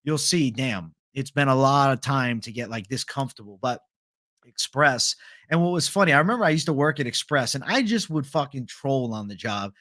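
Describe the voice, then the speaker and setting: A man's voice: mid-range voice, expressive, moderate pace, fairly bright tone, dry recording, studio quality. A young man hosting a live stream, reading viewer comments in a laid-back, chatty, profane way. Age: young adult. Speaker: host.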